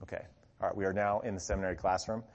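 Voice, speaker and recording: A man's voice: low-pitched, rapid-fire. A man giving a conversational teaching sermon as a pastor, often checking in with the congregation and stressing key words with animation. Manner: conversational, frequent "okay?" check-ins, animated emphasis. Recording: long hall reverb.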